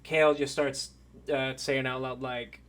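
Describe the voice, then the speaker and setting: A man narrating a tabletop game as game master, pausing often with filler sounds. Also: mid-range voice, level tone, fairly bright tone. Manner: halting, lots of "um" pauses.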